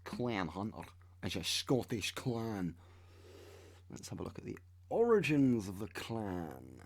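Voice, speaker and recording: Slow, low-voiced man. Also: a little mellow. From United Kingdom. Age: 30s. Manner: wry, sarcastic asides. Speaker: channel host. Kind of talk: reading web pages aloud with commentary.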